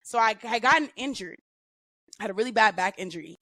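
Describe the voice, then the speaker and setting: A woman guest on a podcast, telling stories in a casual, profane and animated way with lots of slang. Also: fairly high pitch, fast talker, no echo. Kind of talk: casual storytelling.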